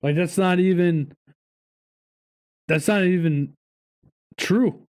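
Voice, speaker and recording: Co-hosting a podcast, a man with a high voice speaks slowly while ranting and swearing his way through casual stories, full of animated, profane storytelling.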